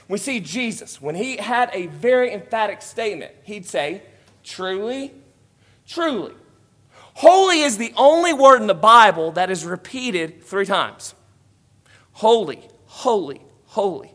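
A man preaching a sermon, rising to emphatic, loud declarations and dropping to quiet asides. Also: high voice.

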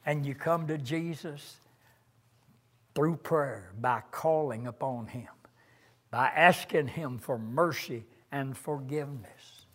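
An older man preaching a sermon in a slow, earnest way, reciting hymn lines with rising emphasis. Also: medium pitch, a bit bright.

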